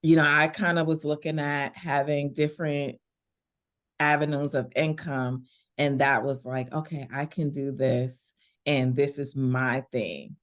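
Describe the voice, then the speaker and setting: Slow-talking deep-voiced woman. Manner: relaxed, conversational, laughs easily. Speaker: guest, veteran business owner. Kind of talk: casual interview conversation.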